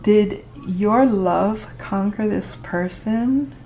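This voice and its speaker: A woman doing a casual tarot reading, talking to the listener and reacting out loud with exclamations as she turns the cards. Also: medium pitch, drawn-out words, slight background noise, low-quality recording. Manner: chatty, exclaims and laughs while reading cards. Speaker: tarot reader.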